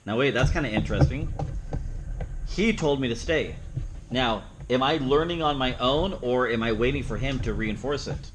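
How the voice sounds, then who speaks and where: A man's voice: medium pitch, normal speed, noisy background. A man teaching a dog training seminar, plain-spoken, who acts out the dog's thoughts in playful asides. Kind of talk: seminar teaching with live demonstration.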